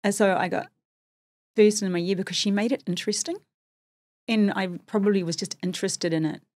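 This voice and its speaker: Middle-aged kiwi woman, a bit husky and lowish, chatty self-deprecating guest, dry close sound. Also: steady tone, fairly quick, darkish tone, dry recording. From New Zealand. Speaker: podcast guest. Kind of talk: casual interview storytelling.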